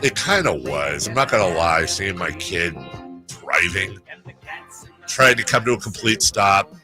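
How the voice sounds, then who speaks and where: A middle-aged man hosting sports talk radio, telling stories in a casual, animated way. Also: deep voice, a little slow, music in the background. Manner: animated storyteller, puts on voices in quotes. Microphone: studio microphone.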